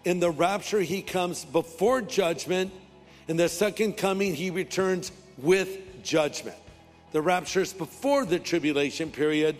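A man's voice: high-pitched, measured pace, in a large hall, soft background music. A man pastor preaching a sermon with emphatic delivery, leading the congregation in responses and slipping in humorous asides.

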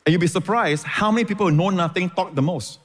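Pastor guy preaching hard, repeats stuff for emphasis, slightly high voice, big echoey church hall. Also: fast talker. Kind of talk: sermon.

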